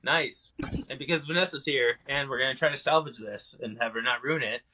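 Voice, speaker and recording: Bright-voiced, teasing male podcast host. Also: medium pitch, brisk, a little hiss or hum, low-quality recording. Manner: joking, teasing, swears casually. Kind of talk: casual chat.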